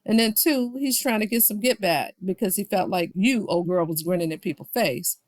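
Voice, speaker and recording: Reviewer: woman, mid-pitched, dry close sound, chatty recap with playful voice swings when quoting people. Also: normal speed, no room sound. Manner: talks straight to viewers. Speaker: reality show reviewer. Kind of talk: casual recap commentary.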